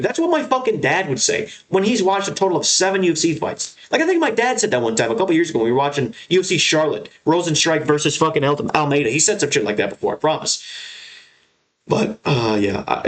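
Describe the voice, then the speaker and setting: A young man hosting his own fight recap show, talking bluntly and swearing as he rants. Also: a little high. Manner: blunt, profane, heated ranting. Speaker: MMA show host. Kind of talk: solo fight recap rant.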